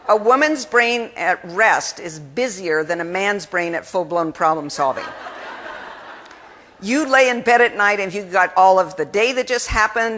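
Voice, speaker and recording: A woman giving an energetic keynote speech at a conference, talking in a lively, conversational way and acting out the people she quotes. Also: mid-range voice, normal speed. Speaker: keynote speaker. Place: conference hall. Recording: long hall reverb.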